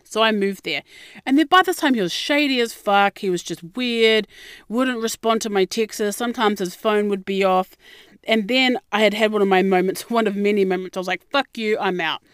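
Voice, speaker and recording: A woman with an Australian accent, telling a personal story in a blunt, heavily profane and animated way. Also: medium pitch, normal speed, clear, resonant tone, no echo, studio quality. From Melbourne, Australia.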